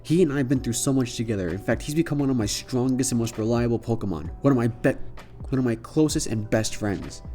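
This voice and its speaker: A man's voice: mid-range voice, expressive, fast talker, warm tone, soft background music, lightly acted. A man voicing a determined, loyal young champion trainer who speaks earnestly and firmly. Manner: earnest, firm.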